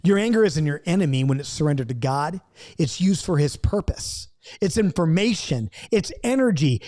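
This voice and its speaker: Earnest high-voiced man teaching Bible study. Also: a little mellow. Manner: earnest, repetitive, coaching. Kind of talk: recorded Bible study lesson.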